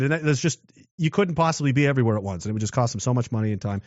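A man's voice: mid-range voice, very fast, no echo. Rambling man, dull dry audio. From Canada. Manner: rambling, with frequent restarts and rhetorical questions. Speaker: commentator. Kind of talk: political commentary monologue.

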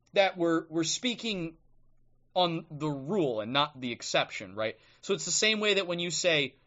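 A livestream host's voice sits high with a sharp tone, captured in a muffled recording on a streaming microphone. He rants bluntly and combatively, regularly tagging "okay?", then reads aloud from a book.

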